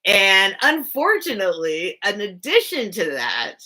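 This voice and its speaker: A woman's voice: mid-range voice, wildly swooping pitch, a little slow, sharp tone. A woman hosting a live sale stream, casually telling a personal story to her chat, full of "like" fillers and greeting viewers by name.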